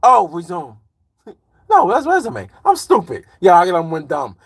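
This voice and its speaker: A man's voice: sits high, wildly swooping pitch, a little fast, slightly rough, no echo. A man in his forties from Chicago, chatting loosely on a live stream and reading comments aloud in slangy, rambling talk. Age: 40s. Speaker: livestreamer and truck driver.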